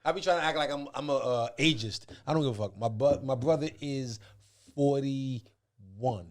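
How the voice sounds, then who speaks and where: A man, a guest in a casual podcast chat, telling stories in a loose, slangy, animated way. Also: mid-range voice, normal speed. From the Bronx, New York. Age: 40s.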